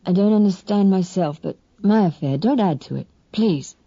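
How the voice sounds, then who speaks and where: A woman reading an audiobook and voicing a sick young man in his twenties, who talks in weak, hushed, clipped bursts with firm authority. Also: sits high, lively intonation, normal speed, vocal fry, no room sound, lo-fi sound, full character voice. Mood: weary, urgent. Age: 20s.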